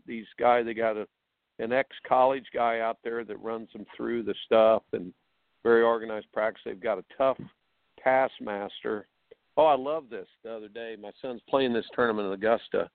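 An animated man coaches and tells stories, tripping over repeated words as he gets going. His voice is dry and close, pressed through a thin, phone-like line. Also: mid-range voice, vocal fry, dry recording. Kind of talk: casual storytelling.

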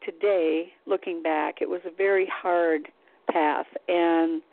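A woman, telling her story in a casual interview, chatty and animated, with sighs and laughs. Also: fairly low pitch, slow, dry recording. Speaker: guest, psychic. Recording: tinny phone-like line, dry.

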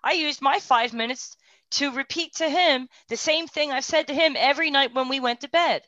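A woman sharing a heartfelt personal testimony, moving between hushed, tearful moments and animated, laughing bursts. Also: high voice, normal speed, dry recording. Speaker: guest sharing a personal story. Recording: dry, dull lo-fi sound.

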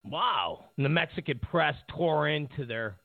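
A man's voice: a little high, lively intonation, a little slow, gravelly, no echo. A male talk show host giving sarcastic political commentary, rambling with lots of fillers. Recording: tinny phone-like line.

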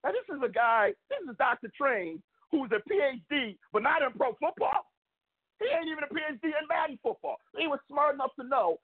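With an extremely high, widely swinging voice and a brisk pace, a sports podcast host delivers a heated, frustrated rant. He is emphatic and rambling, often repeating points, and the sound is narrow like a phone.

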